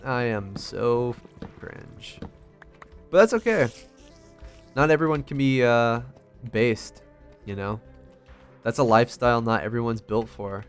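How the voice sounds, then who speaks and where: Faint music plays behind a young man's mid-range voice as he comments on a video game, a little slowly and with long pauses. This gaming vlogger is rambling and self-deprecating, and he swears a lot.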